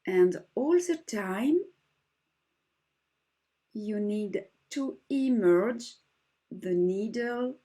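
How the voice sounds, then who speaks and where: In a very slow, step-by-step craft demonstration, a French-accented woman walks viewers through an embroidery stitch with frequent pauses. Her mid-range voice is animated, and she teaches gently and patiently in slightly broken English, her second language.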